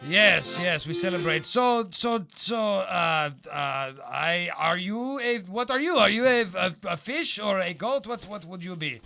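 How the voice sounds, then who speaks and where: A man playing a pompous personification of a French accent, speaking in a put-on French accent in a mock-grand, halting way. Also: high-pitched, lively intonation, vocal fry, pushed and bright, soft background music, full character voice. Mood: curious. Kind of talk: improvised comedy character.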